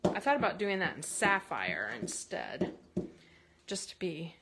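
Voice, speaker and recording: A woman hosting a casual card-making tutorial from her craft space, chatty and rambling, with bursts of excitement. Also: lowish voice, unhurried, heavy background noise.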